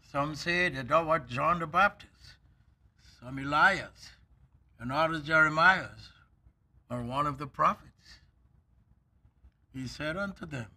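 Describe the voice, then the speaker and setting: Man preaching slow, high voice, leans hard on words and gets loud out of nowhere. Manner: emphatic, drawn-out preaching with sudden loud bursts. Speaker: elder preaching. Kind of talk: sermon.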